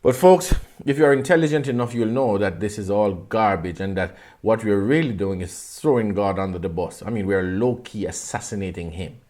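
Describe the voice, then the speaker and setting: A man's voice: fairly low pitch, moderate pace, hardly any pauses, a little mellow. A man preaching a sermon with passion, asking his listeners pointed rhetorical questions and repeating phrases for emphasis.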